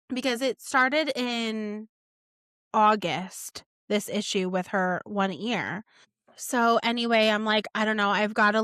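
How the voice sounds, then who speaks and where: A woman in her thirties co-hosting a casual faith podcast, telling a family story with animated asides. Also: mid-range voice, clear, resonant tone, no echo, studio quality. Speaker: podcast co-host.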